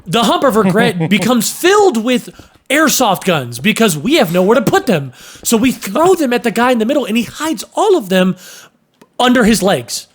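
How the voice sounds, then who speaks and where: A young man casually telling a story on a podcast, animated, cursing and acting out sounds and voices. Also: very high-pitched, moderate pace. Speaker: podcast host.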